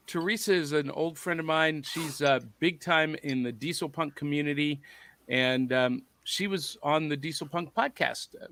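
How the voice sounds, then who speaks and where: A man's voice: on the high side, bright, forceful tone, dry recording. A man hosting a podcast, reading out viewer comments in a playful, jokey, casual chat. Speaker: podcast host.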